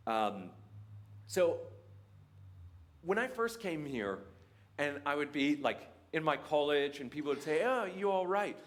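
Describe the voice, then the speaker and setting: A young Canadian man with a Canadian accent talks to a church gathering in a slightly high voice. His delivery is animated and jokey, and his pitch swings widely from line to line. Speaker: speaker at a church faith day. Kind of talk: sermon-style talk with humour.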